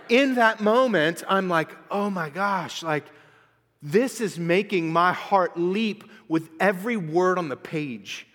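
An animated preacher in his forties, a man with a high, bright voice that rings through a long-reverb church hall. He tells stories and acts out quotes with lively energy. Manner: animated storytelling with acted-out quotes. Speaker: pastor. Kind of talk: sermon.

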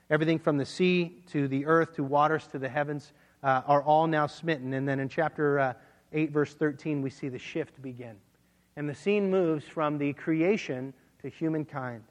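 A man's voice: on the high side, moderate pace. A man preaching a sermon, teaching verse by verse and reading scripture aloud. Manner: expository Bible teaching, reads scripture aloud. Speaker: pastor. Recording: long hall reverb.

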